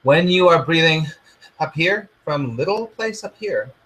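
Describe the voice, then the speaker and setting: A man who is a spiritual teacher and coach, giving an earnest, repetitive motivational lesson and often dropping to a soft near-whisper. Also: on the high side, lively intonation, a little slow, slightly rough, poor audio.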